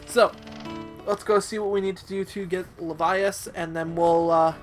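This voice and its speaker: High-voiced man in halting gaming chat. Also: fairly even intonation. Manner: hesitant, filler-heavy and self-deprecating. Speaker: let's play host. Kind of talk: let's play commentary. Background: game music.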